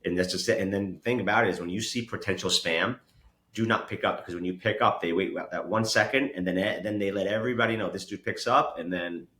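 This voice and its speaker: Animated bright-voiced man in an echoey room. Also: deep voice, fast talker. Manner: animated storyteller, swears, laughs often. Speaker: podcast host. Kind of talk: casual podcast chat.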